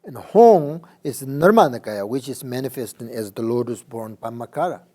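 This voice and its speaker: A man giving a Buddhist dharma teaching, halting with many fillers and often checking that listeners understand. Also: mid-range voice, animated, warm tone.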